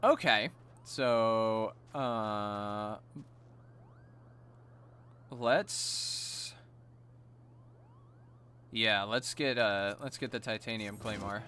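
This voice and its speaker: A man chatting casually while streaming a game, chatty and excitable. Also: lowish voice, drawn-out words, pauses often, soft background music.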